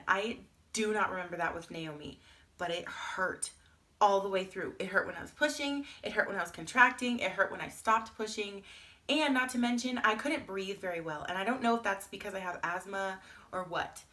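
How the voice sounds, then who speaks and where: Bright-voiced young woman telling a storytime. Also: mid-range voice. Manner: chatty and candid, many "like" fillers. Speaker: vlogger. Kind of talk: casual storytime vlog.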